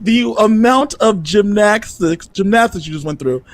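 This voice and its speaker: A man's voice: high-pitched, normal speed, no room sound. A man co-hosting a fan podcast who teases his co-host and argues his point in a matter-of-fact way. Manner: teasing, matter-of-fact arguing. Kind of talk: casual chat.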